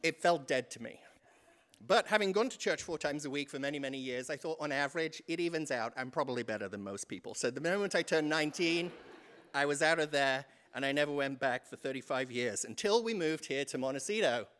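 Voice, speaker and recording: A man's voice: on the high side, lively intonation, brisk, a bit bright. A man in his fifties with an English accent, giving a humorous stewardship talk to a church congregation as a vestry member, self-deprecating and chatty. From England.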